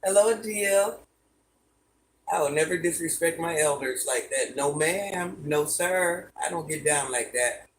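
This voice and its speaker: A woman's voice: deep voice, a little slow. Easygoing grandmother chatting on a livestream. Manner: easygoing, answers chat comments one by one, addresses viewers by name. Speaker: livestream host reading viewer comments. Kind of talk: casual live-stream chat.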